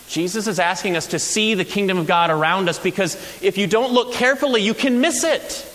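His voice sits high and runs a little fast, with hardly any pauses, as this pastor tells humorous, energetic stories during his sermon. Expect an echoey hall and faint hiss.

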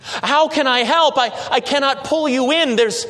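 A man voicing a desperate male traveler, calling out in strained, high-pitched cries. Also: measured pace, sharp tone, big-room sound, full character voice. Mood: anguished. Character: desperate male traveler on a bridge, pleading, anguished.

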